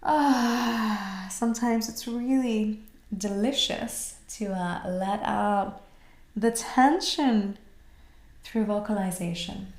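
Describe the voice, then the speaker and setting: A woman from Australia teaching a voice class, guiding the breath with calm, slow cues. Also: mid-range voice. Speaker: voice and mantra teacher. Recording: roomy echo.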